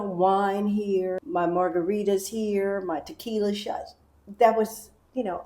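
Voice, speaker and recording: A woman from the United States talking casually to camera in a chatty, animated way, acting out little quoted asides. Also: fairly low pitch, reverberant. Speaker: vlogger.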